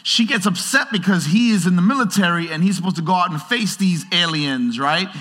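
A man delivers a conversational, lively sermon in a bright, forceful voice that sits a little high for a man. His words ring out through a large church hall with a long reverb. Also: a little fast. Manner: conversational, animated preaching with acted-out quotes. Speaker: pastor.

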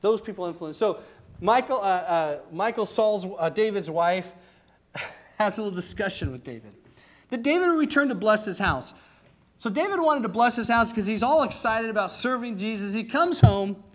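Male pastor, middle-aged, high voice, passionate sermon, loud to hushed swings. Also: animated, normal speed.

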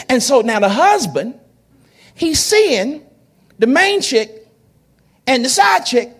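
Man, pastor, sermon, very high voice, lively swooping pitch, joking, shouting. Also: measured pace, pauses often, slightly rough. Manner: animated, joking, shouting at peaks.

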